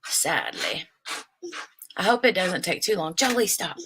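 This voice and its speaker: A woman hosting a relaxed crafting live stream from her chair at home, her voice sitting a little on the low side. She talks in a loose, rambling way, trailing off and picking her thread back up. It's close, casual desk-mic chat. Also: measured pace, slight background noise, poor audio. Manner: rambling, chatty, stops and restarts mid-thought. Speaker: crafting channel host. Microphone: desk microphone.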